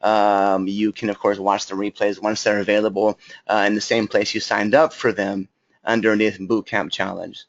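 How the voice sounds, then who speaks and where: A man's voice: fairly low pitch, little pitch movement, normal speed. A man hosting a live online class, casual and chatty, greeting viewers with lots of fillers. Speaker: webinar host. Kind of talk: casual live webinar talk. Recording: slightly dull lo-fi audio.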